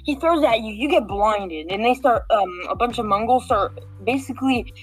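A woman talks through a game mission in easy, meandering chat. Her voice sits fairly high, and she keeps restarting and filling gaps with "like" and "um". Faint music plays under her. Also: lively intonation, moderate pace, husky, rough recording. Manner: rambling, full of fillers and restarts. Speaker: game walkthrough guide. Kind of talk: casual walkthrough chat.

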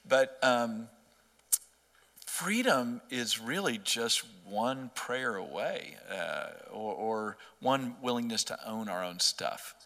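A man's voice: mid-range voice, expressive, takes it slowly, pushed and bright, big-room sound. A middle-aged man earnestly telling a personal faith story in conversation, often restarting his sentences. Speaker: interview guest.

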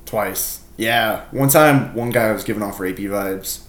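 A young man in his twenties telling party stories in casual chat, swearing and laughing, jumping into loud high-pitched quotes. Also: measured pace, reverberant. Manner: animated, swears a lot, laughs often, jumps into loud high acted quotes.

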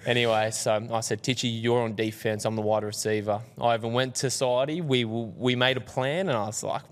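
Brief: young Aussie guy, mid-pitch, yarn-spinning guest in a studio with a long ringing reverb. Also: moderate pace, few pauses. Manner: animated, self-mocking storyteller. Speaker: podcast guest. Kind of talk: casual storytelling. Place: podcast studio.

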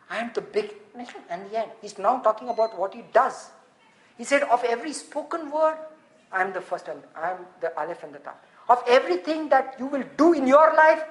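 A woman preaching a sermon, animated and laughing often, sometimes rising to shouts. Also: on the high side, echoey room.

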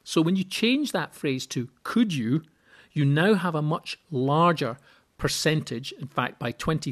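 A middle-aged man hosting a solo instructional podcast who talks in an explanatory way and often repeats a word while he finds the next one. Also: on the high side. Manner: explanatory, repeats words while thinking, animated when quoting people. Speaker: podcast host and seminar speaker.

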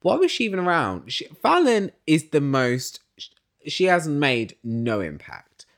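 A man's voice: on the high side, measured pace. A man hosting a casual reality TV recap, talking in an opinionated way and swearing often. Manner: animated, opinionated, swears a lot.

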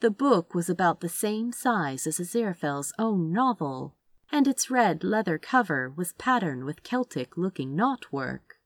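Female story narrator, slow and expressive with lively pitch, lowish voice, dry close recording. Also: dry recording. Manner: measured, expressive. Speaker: reader.

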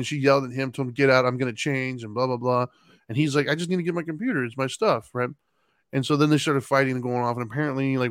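Laughing while he talks, a middle-aged man co-hosting a podcast tells an animated story in a casual chat, playing out his kids' lines. His voice is mid-range, and there's no echo.

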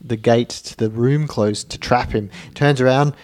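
A man walks through movie scenes in a loose, meandering way, stopping often to laugh. His voice sits at a middle pitch, and the tone is relaxed chat among friends. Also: measured pace. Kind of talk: casual film review chat.

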